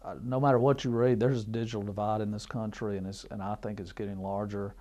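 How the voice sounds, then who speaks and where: A man's voice: on the low side, flat delivery, fast, mellow, muffled recording. A man speaking as a school district leader in a documentary interview, reflective and searching.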